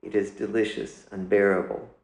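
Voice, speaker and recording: A man, the author, reading his own literary story aloud in a measured, deliberate way. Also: fairly low pitch, little pitch movement, vocal fry, echoey room, low-quality recording. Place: indoors.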